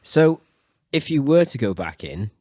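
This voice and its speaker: A Welsh man hosting a podcast, chatting in an animated way. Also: mid-range voice, measured pace, no echo, clean studio sound. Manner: animated, jumps into mocking voices. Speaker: podcast host. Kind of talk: casual podcast chat.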